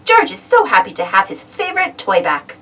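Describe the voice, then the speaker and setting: A woman reading a children's picture book aloud in a slow, clear, expressive storytelling manner. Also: medium pitch, distant mic. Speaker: storybook reader.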